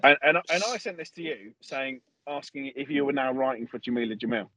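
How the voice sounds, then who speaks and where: A man's voice: medium pitch, a little fast, fairly bright tone, no room sound. A man with a Welsh accent co-hosting a comedy podcast, chatting casually and joking. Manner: jokey, puts on a husky voice. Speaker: podcast co-host.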